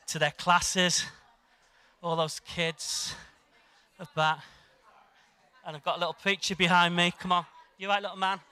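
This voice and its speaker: A man introducing a guest preacher to his church, hesitant at first and then rallying the congregation with loud calls. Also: high voice, smooth, no room sound. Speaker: pastor.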